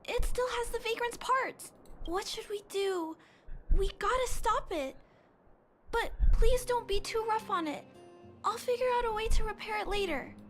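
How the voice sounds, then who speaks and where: Sweet young girl, high voice, soft and earnest, thoughtful, game character, faint music. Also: unhurried. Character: kind young girl, gentle robot fixer.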